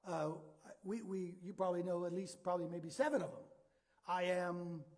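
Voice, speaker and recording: A pastor preaches a sermon conversationally, often repeating words and putting questions to the audience. His voice sits high and is a little mellow, and he talks fast.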